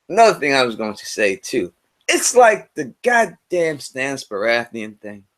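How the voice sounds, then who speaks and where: A man hosting a casual live stream, talking loosely in slang and repeating himself, his voice swinging between loud and quiet. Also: a little high. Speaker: livestream host.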